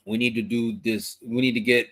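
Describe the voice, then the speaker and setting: A man hosting a live podcast, reading viewer comments aloud and chatting in a relaxed, loose way full of fillers and restarts. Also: mid-range voice, brisk. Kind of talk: casual live-stream chat.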